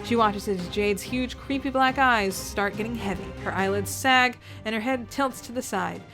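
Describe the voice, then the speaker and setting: A woman's voice: fairly high pitch, moderate pace, music in the background. A woman reading a story aloud, theatrical and sarcastic, with asides to the listener. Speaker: reader reacting to fan fiction.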